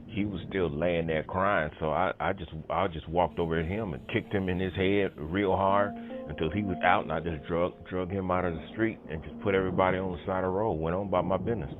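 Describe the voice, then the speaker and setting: Deep-voiced man over a tinny phone line. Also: fairly even intonation, brisk. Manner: rambling storytelling with many fillers and emphatic "boom" sound effects. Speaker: channel host telling a personal story. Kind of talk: casual phone conversation. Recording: tinny phone-line audio with music behind.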